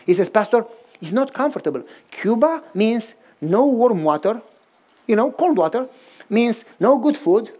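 A Romanian-speaking male pastor with a high voice preaches a storytelling sermon at a slightly slow pace. He acts out both sides of the dialogue, his voice swinging in lively ways between the characters.

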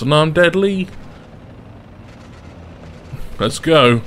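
An excitable young man talks through his match, his pitch leaping and dipping from one line to the next. He swings between muttered worries and sudden shouts and laughter. Faint game sounds hum under his voice. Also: moderate pace. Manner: excitable, bursts into loud laughing fits. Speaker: gaming YouTuber. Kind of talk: gameplay commentary.

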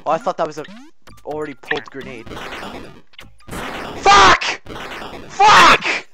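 A young man playing a video game with a friend, swearing, yelling in frustration and laughing. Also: a little high, fast. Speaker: gamer. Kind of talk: casual gaming chat. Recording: game music behind voice.

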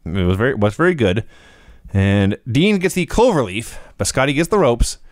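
Expressive man recapping wrestling. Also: medium pitch, moderate pace, no room sound, studio quality. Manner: reads off notes, matter-of-fact recapping. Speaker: podcast co-host. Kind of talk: casual wrestling recap chat.

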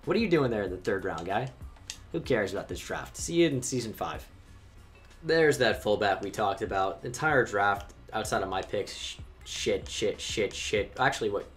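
A man's voice: lowish voice, lively intonation. Young man chatting over game music. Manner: chatty, reacts with quick swearing. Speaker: gaming YouTuber. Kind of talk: casual gameplay commentary.

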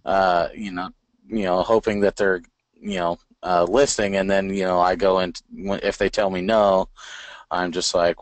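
A young man working as an inside sales agent, talking in a halting, earnest way full of fillers on a call with his coach. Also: low-pitched, little pitch movement, no echo.

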